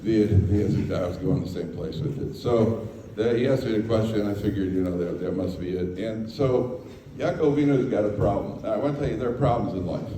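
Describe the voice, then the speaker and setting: With a warm, fairly low voice, this American rabbi talks fairly quickly and barely pauses while giving a humorous, story-filled Torah talk to a live audience. He adds jokey asides and voices the dialogue. A faraway mic in the echoing hall picks up a little hiss or hum.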